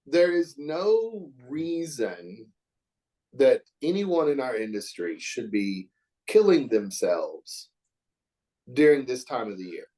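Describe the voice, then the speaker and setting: A man's voice: medium pitch, sing-song, slow, mellow. A middle-aged man from Oklahoma, a hair educator talking as a podcast guest in an earnest, reflective, emphatic way. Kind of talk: podcast interview chat.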